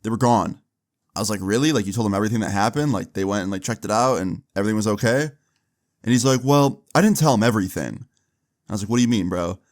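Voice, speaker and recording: A young man casually telling a long personal story, slangy and animated, acting out quoted dialogue. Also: lowish voice, fast. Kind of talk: casual storytime over gameplay.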